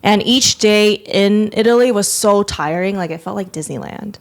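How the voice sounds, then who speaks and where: A woman's voice: mid-range voice, moderate pace. A young adult woman hosting a podcast, telling a long story in casual chat, full of fillers. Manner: rambling storyteller, filler-heavy with many "like"s. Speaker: podcast host.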